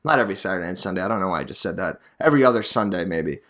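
A man's voice: low voice, lively intonation, rapid-fire, fairly bright tone. A man from Arizona hosting a podcast alone, talking in a rambling, profane and sardonic way. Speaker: podcast host, real estate agent. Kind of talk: casual solo podcast monologue.

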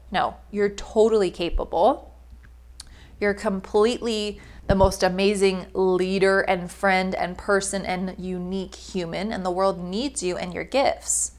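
A woman's voice: medium pitch, steady tone, a little slow. A young adult woman, a life coach, giving a casual but emphatic motivational monologue with frequent "like" fillers.

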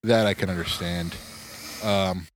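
Recording remotely, a man co-hosts a podcast in casual chat, rambling with many filler words. His voice sits low, and he speaks a little slowly with fairly even intonation.

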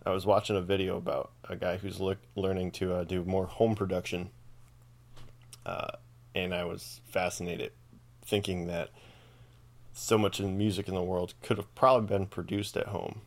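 A man with a low voice hosts a podcast and rambles through a casual comedic rant. He swears freely and keeps amusing himself as he talks. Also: flat delivery, moderate pace, vocal fry. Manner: profane, rambling, self-amused. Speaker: podcast host.

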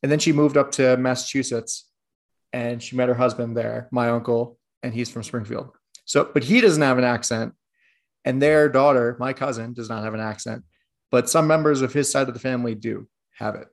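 Gravelly-voiced chatty podcast guy. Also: mid-range voice, fairly even intonation, normal speed. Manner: chatty storyteller, digressive. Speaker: podcast co-host. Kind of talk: casual sports chat.

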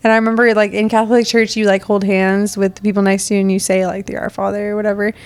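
A woman's voice: medium pitch, little pitch movement, fast, clean tone. A woman chatting casually, telling a story with frequent "like" fillers. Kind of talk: casual chat.

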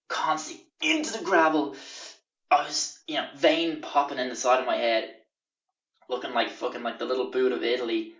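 A man's voice: mid-range voice, distant mic. Young man, podcast host, profane storytelling, roomy echo, dull lo-fi sound. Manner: profane, animated anecdote-telling. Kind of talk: casual storytelling.

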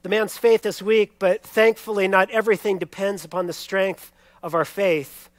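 A man preaching a sermon, telling a scripture story expressively and swinging between loud emphasis and hushed lines. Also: sits high, level tone, normal speed, no echo. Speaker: pastor.

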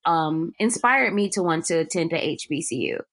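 A young woman from Ohio with a Southern-tinged accent, co-hosting a podcast in relaxed, rambling casual chat with lots of fillers. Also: low-pitched, normal speed. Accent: Ohio speech with a Southern US tinge. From Ohio, USA. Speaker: podcast co-host.

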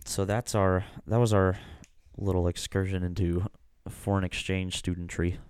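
Smooth low-voiced young man hosting. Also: flat delivery, moderate pace, darkish tone, no echo, studio quality. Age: young adult. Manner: joking, searches aloud for words. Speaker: podcast host. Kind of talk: casual chat.

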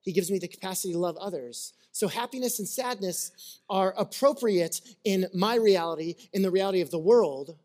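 A man's voice: high voice, normal speed, a little mellow. A man preaching a sermon in a conversational, storytelling way, acting out little scenes and checking in with his listeners. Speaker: pastor.

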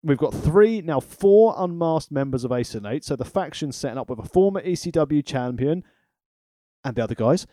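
Man, podcast host, lively pitch, dry close sound, sweary casual recap. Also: normal speed, no room sound.

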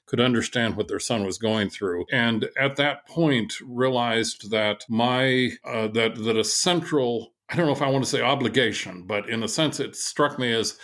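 A middle-aged man talking in an interview. He explains and tells stories in a measured, steady way, with a voice of ordinary pitch. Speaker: guest author. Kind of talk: conversational interview.

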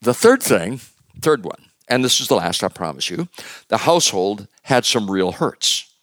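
Brief: male pastor, conversational sermon, loud emphasis dropping to quiet, deeper voice. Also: big pitch swings, moderate pace, no echo. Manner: conversational with joking asides and fillers; swings from loud emphasis to hushed.

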